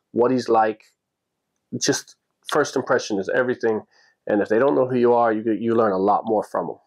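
Gravelly man telling a story. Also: fairly low pitch. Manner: animated, acts out the voices of people in his story; plainspoken, with frequent restarts and "you know". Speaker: podcast host telling a story. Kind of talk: casual storytelling.

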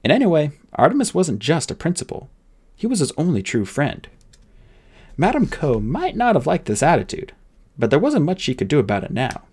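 A man reading an audiobook aloud with expressive, dramatic narration. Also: on the high side, a little fast, breathy edge.

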